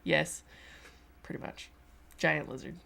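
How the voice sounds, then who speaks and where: Deep, slow, and creaky yet a touch bright, the woman's voice holds a steady tone. She's a Canadian craft streamer making casual conversation about her sculpting, reading the chat aloud and imagining her lizard's thoughts out loud.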